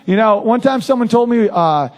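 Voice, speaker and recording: A man's voice: sits high, lively intonation, normal speed, darkish tone. A man doing a crude, brash stand-up routine who often laughs at his own lines. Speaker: stand-up comedian.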